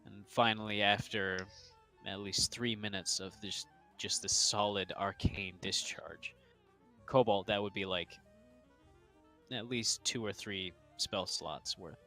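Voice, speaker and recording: Male game master for a tabletop stream; unhurried, filler-heavy delivery, slightly low pitch. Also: fairly even intonation, bright, forceful tone, faint music behind. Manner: slow, hesitant, with many fillers. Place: home streaming setup.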